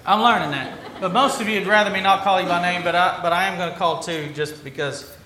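Bright high-voiced pastor in an echoey church. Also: male voice, slight background noise. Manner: conversational, halting with restarts and fillers. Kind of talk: sermon. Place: church sanctuary. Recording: roomy church echo, faint ambience.

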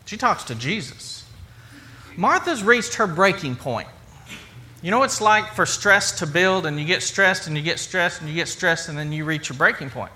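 A man's voice: high voice, expressive, normal speed, pushed and bright, a little hiss or hum. A man preaching a sermon in a conversational way, with repetition and rhetorical questions. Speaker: pastor.

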